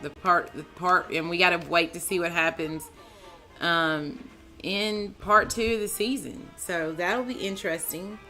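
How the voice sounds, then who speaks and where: Low-voiced woman gushing over a TV episode. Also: unhurried, faint music behind. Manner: excitable, talks to co-host and viewers, heavy use of "like", "man", "dude". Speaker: TV show reviewer, channel host. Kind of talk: casual TV episode recap.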